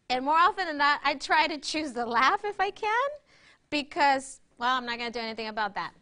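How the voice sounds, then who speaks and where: A woman's voice: high-pitched, lively intonation, brisk, sharp tone. A woman presenting a workshop, guiding a breathing exercise and teaching in a conversational way, often checking in with her listeners. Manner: interactive, keeps checking in with "right?".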